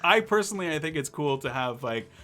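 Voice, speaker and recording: High, bright-voiced rambling stream host. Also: male voice, fast talker, faint music behind. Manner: rambling, excitable, jokey. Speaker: live stream talk show host. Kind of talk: casual live-stream chat.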